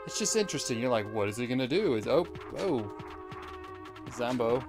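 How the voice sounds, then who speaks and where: A man giving let's play commentary, rambling with deadpan absurd jokes. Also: mid-range voice, moderate pace, over music. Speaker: gamer.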